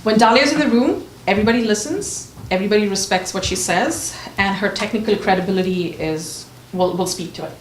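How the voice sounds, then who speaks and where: An expressive woman on a conference panel, recounting stories and acting out the voices of her friends. Her voice reaches a distant mic and rings around a reverberant room, with steady background noise underneath. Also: medium pitch, brisk, hardly any pauses. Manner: animated storytelling, acting out quoted friends. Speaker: author on a panel. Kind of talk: panel discussion.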